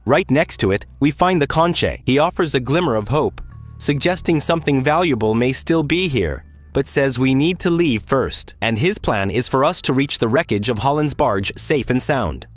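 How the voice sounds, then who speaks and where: A man narrating a video game's story as a let's-play recap, casual and lively, with offhand asides to viewers. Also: mid-range voice, moderate pace, faint music behind. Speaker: gaming YouTuber.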